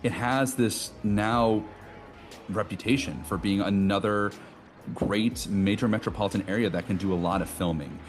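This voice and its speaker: Podcast co-host: man from Wisconsin, lower voice, casual, asks long rambling questions. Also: normal speed, soft background music. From Wisconsin, USA.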